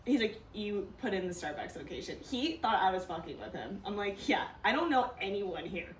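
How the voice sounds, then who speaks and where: A woman's voice: medium pitch, big pitch swings, moderate pace, a little hiss or hum. A young woman co-hosting a podcast, telling a story in casual chat and acting out the quotes with lots of laughter. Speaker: podcast co-host. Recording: echoey room, a bit distant from mic.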